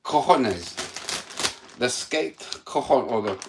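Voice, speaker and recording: A man's voice: medium pitch, expressive, measured pace. Man, crude sweary banter, casual livestream, phone mic, noisy air-conditioned room. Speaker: livestream host. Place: at home.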